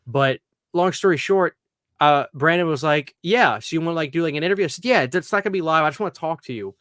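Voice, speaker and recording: A man hosting a podcast, telling stories in a rambling, excitable, casual way. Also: fairly high pitch, quick pace, dry recording, clean studio sound. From Louisiana, US. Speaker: podcast host. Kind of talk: casual chat.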